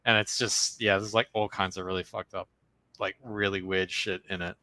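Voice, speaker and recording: A man in casual podcast chat, ranting animatedly with lots of swearing. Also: normal speed. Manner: animated, swearing, jumps into mocking high voices when quoting. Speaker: podcast co-host.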